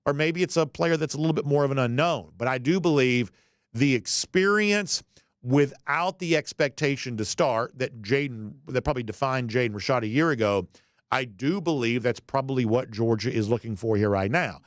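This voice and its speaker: A man's voice: medium pitch, moderate pace, dry recording, clean studio sound. A man hosting a college football podcast, talking in a conversational way with folksy asides. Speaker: podcast host. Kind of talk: sports commentary monologue.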